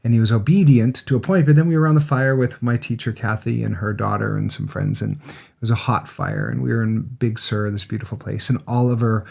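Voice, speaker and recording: A middle-aged man, co-host of a podcast, telling a personal story in a relaxed, conversational way and acting out the voices of the people in it. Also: mid-range voice, brisk, gravelly. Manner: animated storyteller, acts out quoted voices, frequent restarts.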